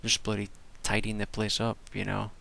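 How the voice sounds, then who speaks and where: A man's voice: fairly low pitch, monotone, normal speed, vocal fry, pushed and bright, slight background noise. A tired man rambling casually through a wrestling show review, swearing and restarting his sentences. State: tired from staying up all night.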